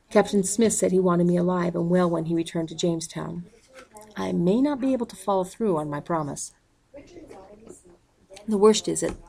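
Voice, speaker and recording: A woman reading a novel aloud in a calm, even way, calling out the page numbers as she goes. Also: lowish voice, creaky, slightly rough, low-quality recording. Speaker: audiobook reader.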